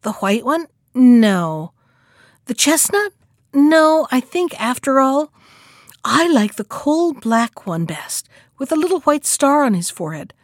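A woman voicing an eager young peasant girl who cries out in excited, breathless delight. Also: high-pitched, slow, no room sound, clean studio sound, voice pushed up, exaggerated voice.

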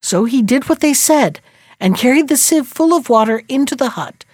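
Woman reading a fairy tale, steady and expressive, dry close sound. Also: sits high, normal speed, dry recording. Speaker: narrator. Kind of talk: storybook reading.

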